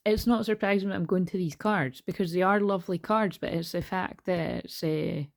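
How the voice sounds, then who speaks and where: Chatty woman with a gravelly voice. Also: lowish voice, normal speed, few pauses. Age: 40s. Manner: rambling, chatty, swears casually. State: tearful at moments. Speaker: tarot reader. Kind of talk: casual spiritual chat. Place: her bedroom.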